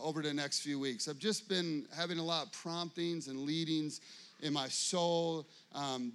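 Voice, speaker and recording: A man's voice: fairly high pitch, pushed and bright. A man preaching a casual sermon as pastor, loose and conversational, checking in with his listeners. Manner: conversational, loose, with many fillers and audience check-ins.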